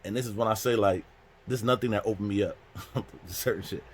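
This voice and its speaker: A man's voice: fairly low pitch, steady tone, fast, slight background noise. A man casually telling a story from prison, acting out the other people in it. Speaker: storyteller host.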